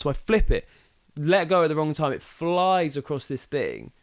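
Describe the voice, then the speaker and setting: A man's voice: a little high, fairly quick, no room sound. A young man co-hosting a podcast, telling stories in casual chat, swearing freely and acting out the people in them. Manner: animated storyteller, acts out voices, swears freely. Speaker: podcast co-host.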